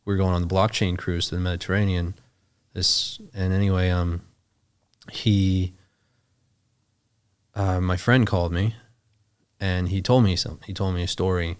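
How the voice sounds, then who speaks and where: Low-voiced man telling a rambling story. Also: fairly even intonation, moderate pace, long pauses, clean tone. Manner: rambling, self-interrupting, swears freely. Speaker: podcast guest, ghostwriter. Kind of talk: conversational storytelling.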